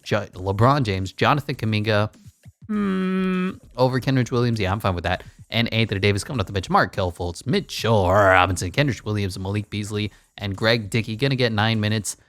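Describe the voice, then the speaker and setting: A man's voice: lowish voice, dry recording. A man giving casual, blunt commentary while playing a basketball management game, full of wry asides. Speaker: gaming YouTuber.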